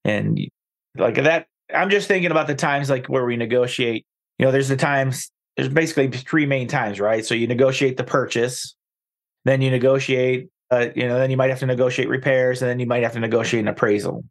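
Gravelly-voiced male podcast co-host. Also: mid-range voice. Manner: relaxed, conversational, quick to laugh and joke. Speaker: podcast co-host, real estate agent. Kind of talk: casual podcast chat.

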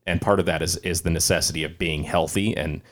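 A man hosting a casual podcast speaks in an extremely deep voice. He is relaxed and drops the odd swear, and his sentences often trail off quietly. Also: fast talker. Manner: laid-back, swears casually, trails off softly. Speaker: podcast host, police officer.

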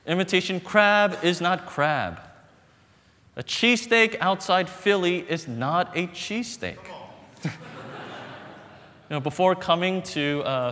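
A man's voice: on the high side, sharp tone. Preaching man in a reverberant hall. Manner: storytelling with humor and dramatic pauses. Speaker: pastor. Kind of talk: sermon. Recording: long reverb in a large hall.

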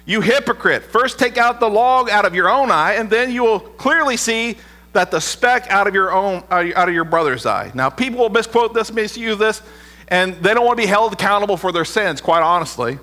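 A man preaching a sermon as pastor, earnest, often dropping low and quiet for emphasis. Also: animated, normal speed. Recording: long hall reverb with mains hum.

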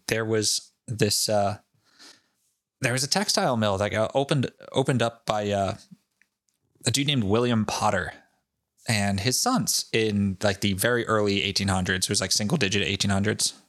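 A man's voice: lowish voice, dry recording, clean studio sound. A man with a Rhode Island accent, co-hosting a podcast and telling a local ghost legend off the cuff, swearing often. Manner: profane, off-the-cuff and animated. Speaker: podcast co-host. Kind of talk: casual chat, storytelling.

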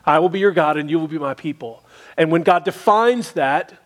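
A man's voice: fairly high pitch, moderate pace. A man preaching a sermon as pastor, explaining scripture earnestly with emphatic repetition.

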